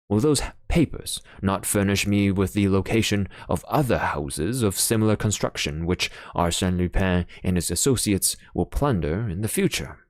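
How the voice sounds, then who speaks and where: A man reading an audiobook voices a shrewd male detective who reasons in a measured, deliberate way. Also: low-pitched, darkish tone, dry recording, clean studio sound.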